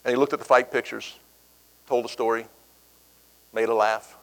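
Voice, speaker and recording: Man telling a lively anecdote on stage. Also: mid-range voice, moderate pace, rough recording. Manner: animated storyteller, acting out quoted voices. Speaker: keynote speaker. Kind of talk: storytelling speech.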